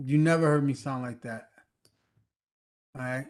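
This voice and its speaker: A man's voice: medium pitch, unhurried. A man hosting an open mic over a video call, joking and telling stories in casual chat. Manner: joking, animated storyteller.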